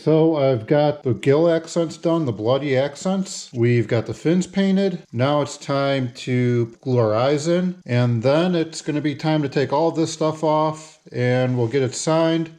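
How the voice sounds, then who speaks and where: A man's voice: on the high side, a little slow, hardly any pauses, darkish tone. A man narrating a casual how-to video, talking through each step as he works. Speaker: hobby lure painter.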